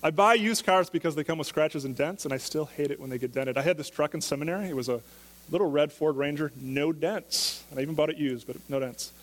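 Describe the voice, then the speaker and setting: A man's voice: a little high, fast, long reverb tail. A man preaching a sermon as pastor, talking in a conversational way and asking the listeners question after question.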